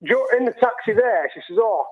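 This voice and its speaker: A man's voice: on the high side, expressive, quick pace. Man, middle-aged, chatty rambling caller heard over a tinny phone line. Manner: rambling, chatty, full of fillers. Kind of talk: storytelling on a phone-in.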